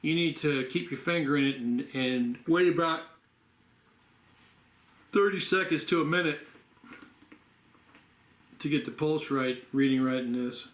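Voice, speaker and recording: A man's voice: fairly high pitch, a little slow, long pauses. A man vlogging casually at home in the evening, rambling and sleepy, stopping now and then to yawn. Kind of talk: casual home health vlog. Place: home room. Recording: roomy echo.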